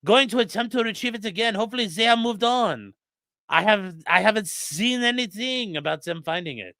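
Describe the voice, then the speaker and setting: A man voicing a young male shooter in a put-on French accent, in a low, hushed and mocking way. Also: lively intonation, brisk, dry recording, heavily acted. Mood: matter-of-fact.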